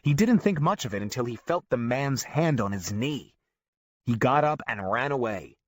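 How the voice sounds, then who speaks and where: A man narrating an audiobook in a lively storytelling manner. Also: mid-range voice, moderate pace, dry recording. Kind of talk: scripted narration.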